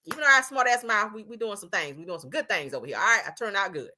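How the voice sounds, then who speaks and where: A woman hosting a livestream, telling a childhood story in a casual, animated way and often laughing as she talks to her viewers. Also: medium pitch, fast talker, a little hiss or hum. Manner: animated, laughing, addresses viewers as y'all and baby. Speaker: livestream host. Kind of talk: casual storytelling to live chat.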